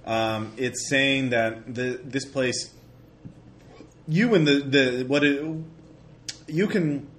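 A man running a tabletop horror game as game master, narrating in halting, restarting sentences. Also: medium pitch, a bit bright. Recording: echoey room, faint hiss.

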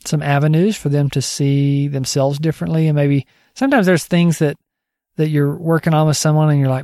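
A man's voice: on the high side, fairly even intonation, brisk, dark tone, dry recording, clean studio sound. A man giving a casual spoken teaching update on discipling others, conversational and digressive, thinking aloud as he goes.

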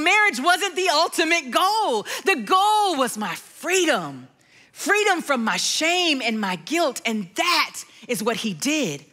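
A middle-aged woman giving a personal testimony sermon, telling her story and slowing to a hush for sung lines. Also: high-pitched. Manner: storytelling, softens to a hush and sings lyrics slowly. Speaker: worship speaker.

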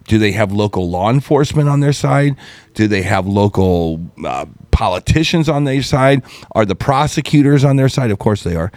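A man co-hosting a casual political talk show, animated and rambling as he riffs on the news. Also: no room sound. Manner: animated, rambling, drops into a mock deep voice for quotes. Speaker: co-host. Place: small studio with a window.

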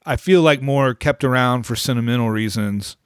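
A man's voice: mid-range voice, normal speed, smooth, dry recording, clean studio sound. A man co-hosting a podcast, thoughtful and rambling in casual movie review chat, often trailing off. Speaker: podcast co-host.

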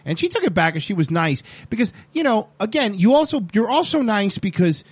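Casual male storyteller, slightly high voice, very lively intonation, salty language. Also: brisk, husky. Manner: animated, swears freely, quotes himself.

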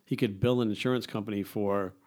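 A middle-aged man, a fitness coach, chatting as a podcast guest and telling stories in a quick, profane, animated way. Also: on the low side. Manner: fast, profane storytelling. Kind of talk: casual interview chat.

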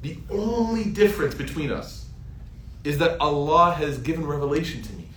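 A man's voice: fairly high pitch, expressive, normal speed, fairly bright tone, slight background noise. A man in his thirties giving a heartfelt sermon as an Islamic preacher, telling stories and building to emphatic peaks. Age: 30s. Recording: roomy echo.

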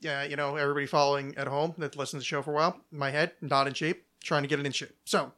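A man's voice: a little high, little pitch movement, racing, pushed and bright. A man hosting a podcast in casual chat, rambling and self-mocking with jokes. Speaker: podcast host.

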